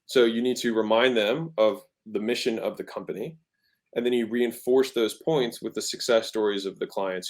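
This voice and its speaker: A man in his thirties, a podcast guest talking casually about sales, emphatic and often shifting his tone to make a point. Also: fairly low pitch. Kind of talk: conversational teaching about sales.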